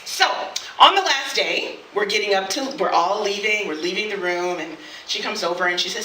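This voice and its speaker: A woman performing a personal story live on stage, animated and quick to laugh, acting out the voices of others. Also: a little high, background noise. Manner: animated, laughs often, acts out quoted voices. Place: studio event space with audience. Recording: echoey room, voice from a distance.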